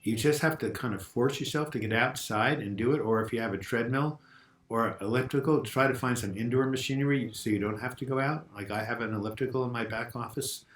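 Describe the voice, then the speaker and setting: A man's voice: medium pitch, brisk, fairly bright tone. Older male host with a cold, casual and chatty, answering viewer questions on a lapel mic at home. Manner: chatty, reads out viewer comments and answers them. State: getting over a cold. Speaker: host of a mental health Q&A. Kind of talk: casual live video chat. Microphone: lavalier mic.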